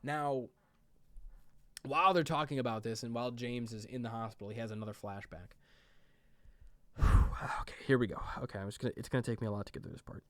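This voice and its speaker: A man's voice: medium pitch, quick pace, long pauses, a bit bright, no room sound. Guy rambling through a movie recap, tons of likes and ums, dry close sound. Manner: rambling, fillers like "like" and "um". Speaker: movie reviewer. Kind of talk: casual movie plot recap.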